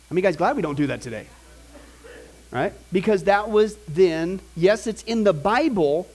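A middle-aged man teaching a Bible class in a high, lively voice. He talks to his students casually, asks them questions and acts out the people he quotes. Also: normal speed, rough recording.

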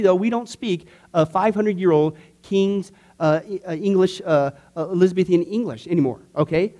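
A middle-aged man teaching a church discipleship class in a casual, conversational way, often checking in with "okay?" and "right?". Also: high voice.

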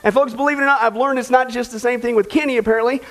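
A man's voice: very high voice, steady tone, racing, a bit bright. A man, a pastor, preaching a sermon in a folksy, joking way and calling his congregation folks. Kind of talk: sermon with a joke. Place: church.

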